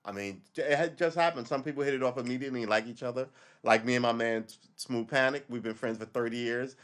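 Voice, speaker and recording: A man's voice: mid-range voice, quick pace, smooth. A man in his forties telling a rambling story on his livestream, swearing and losing his train of thought. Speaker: livestream host. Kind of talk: casual storytelling monologue.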